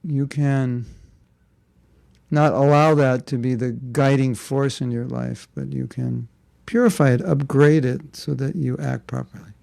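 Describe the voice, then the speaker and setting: A man leads a relaxed spiritual class, his voice dark and gravelly. He speaks conversationally, tossing in rhetorical questions and light asides. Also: medium pitch, a little slow, dry recording. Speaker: spiritual teacher.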